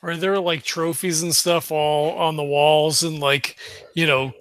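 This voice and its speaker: A man at a game table asks slow, wandering questions, padded with "like". His voice is higher than usual, bright and smooth. The sound is dry and close. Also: flat delivery, no room sound. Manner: slow, musing questions full of "like". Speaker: player. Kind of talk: casual chat at the game table.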